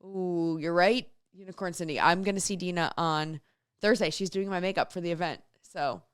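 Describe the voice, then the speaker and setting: A woman's voice: lowish voice, steady tone, normal speed, clear, resonant tone, no echo. Chatty woman radio host, dry sound. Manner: chatty storytelling, reads listener messages aloud. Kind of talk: casual solo radio chat.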